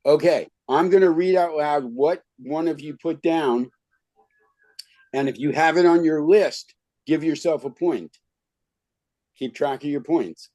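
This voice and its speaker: A skills trainer teaches an online class over a video call, talking informally and peppering his speech with "okay" and "right." His voice is fairly high with a dark tone, and he speaks unhurriedly with long pauses. There's no room sound.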